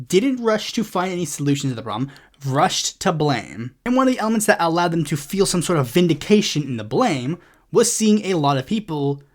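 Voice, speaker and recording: A woman hosting a political commentary show, ranting in a heated, profane way and rambling with many restarts. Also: lowish voice. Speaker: host.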